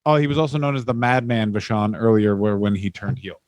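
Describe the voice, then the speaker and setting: A man's voice: on the low side, fairly quick, a little mellow, dry recording. Joking Canadian man, dry close mic. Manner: rambling, jokey, acts out silly voices. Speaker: podcast co-host. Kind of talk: casual comedic chat.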